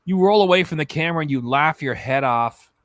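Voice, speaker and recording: A man's voice: fairly high pitch, animated, fairly quick, a bit bright, dry recording. A man giving mocking, profane reaction commentary on a video he is watching. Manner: scornful, profane.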